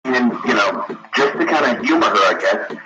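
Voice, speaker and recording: A man's voice: medium pitch, expressive, moderate pace. A man calling in to a late-night radio show, telling a story in a rambling way full of fillers. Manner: rambling, many fillers and restarts. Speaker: caller. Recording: dull lo-fi radio broadcast with crowd.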